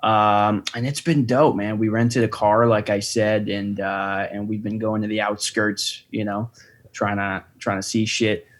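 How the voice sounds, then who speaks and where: Laid-back young man with a low voice. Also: level tone, unhurried. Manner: laid-back storyteller, swears often, says "you know" a lot. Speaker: podcast guest. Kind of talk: casual chat.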